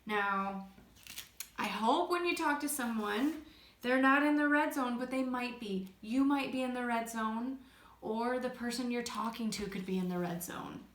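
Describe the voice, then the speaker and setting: A middle-aged woman speech therapist giving a recorded lesson to children, gently modeling phrases in an exaggerated sing-song way. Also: fairly high pitch, unhurried. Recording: echoey room.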